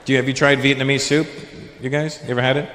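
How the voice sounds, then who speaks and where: A man's voice: mid-range voice, flat delivery, quick pace. A man doing brash stand-up comedy and teasing audience members in a large live venue. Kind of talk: stand-up comedy and crowd work. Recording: live show with loud crowd laughter and noise.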